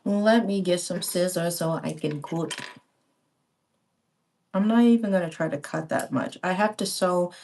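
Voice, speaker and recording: This crafting vlogger in her thirties rambles casually with live-stream viewers, full of slangy asides, as she crafts by a window at home. Her fairly low, darkish voice is unhurried with frequent pauses, heard through a distant small pink handheld microphone with a little hiss or hum.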